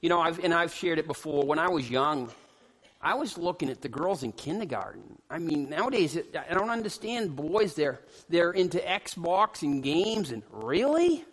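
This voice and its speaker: A middle-aged male pastor preaching a sermon in a church, animated and joking with the congregation, now and then hollering out. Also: a little high, normal speed. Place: church sanctuary. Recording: long hall reverb.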